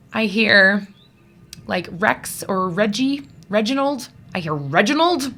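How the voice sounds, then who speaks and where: A woman's voice: fairly high pitch, expressive, a little slow, fairly bright tone, faint music behind. A woman giving a casual tarot reading to her viewers, chatty and rambling with many fillers, and easily moved to emotion. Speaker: tarot reader.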